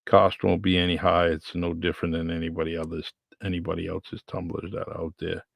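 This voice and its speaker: A man's voice: low voice, little pitch movement, fairly quick, creaky, no room sound. A man with a New England accent hosting his podcast in a casual, rambling solo chat, repeating himself as he goes. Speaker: podcast host.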